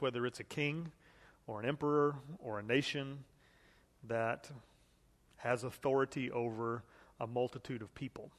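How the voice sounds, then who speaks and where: Man teaching scripture in a reverberant hall. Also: medium pitch. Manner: conversational, reads scripture aloud, asks the group questions. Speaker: Bible study teacher. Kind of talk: teaching a Bible study.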